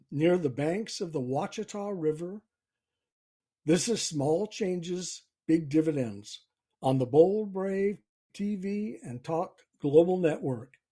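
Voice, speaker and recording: A host tells a story in an unhurried, folksy way. His voice is mellow and slightly husky, and his pitch rises and falls a lot. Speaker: podcast host. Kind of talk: storytelling and self-help talk.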